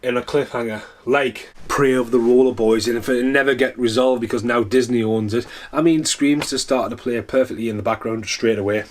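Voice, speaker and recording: A man's voice: mid-range voice, fairly even intonation, fairly quick, few pauses. A man ranting casually and animatedly in a vlog, exasperated and swearing freely. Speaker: vlogger.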